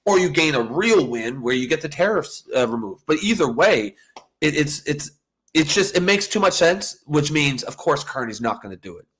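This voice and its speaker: A man's voice: a little high, sing-song, normal speed, fairly bright tone, breathy edge. A man co-hosting a political talk show, rambling through his points and closing the episode. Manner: rambling, lots of fillers and restarts. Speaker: podcast co-host. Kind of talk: casual political chat.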